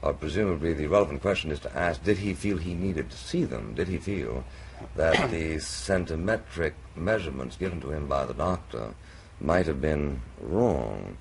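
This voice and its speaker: A man's voice: a bass voice, expressive, normal speed, gravelly. A man hosting a televised debate, drawling, hesitant and full of stammered restarts, in an old TV recording. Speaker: host. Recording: faint noisy old TV recording.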